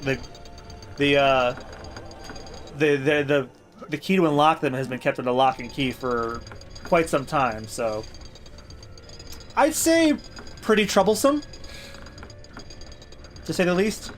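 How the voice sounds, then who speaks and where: A man's voice: a little high, big pitch swings, slow, pauses often, soft background music. A man hosting a let's play, giving casual, joking and sarcastic gameplay commentary. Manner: joking, sarcastic, swears freely.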